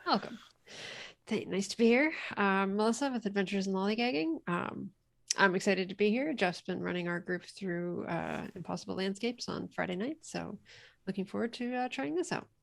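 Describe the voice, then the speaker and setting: A woman introduces herself briefly and in a friendly way on a tabletop game stream. Her mid-range voice has a gravelly edge. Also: medium pitch, expressive, normal speed. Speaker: player. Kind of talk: casual self-introduction.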